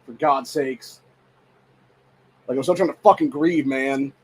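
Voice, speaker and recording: Profane ranting man with a husky voice. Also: mid-range voice, measured pace, poor audio. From Ohio, USA. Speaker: podcast host. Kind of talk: casual venting monologue.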